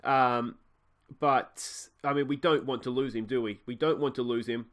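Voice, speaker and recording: A man's voice: medium pitch, steady tone, moderate pace. An Australian man hosting a video game let's play, chatting casually and thinking aloud with frequent fillers.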